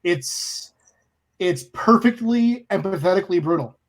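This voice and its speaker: Higher-voiced man, halting panelist author. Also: expressive. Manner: halting, many fillers. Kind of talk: live panel discussion.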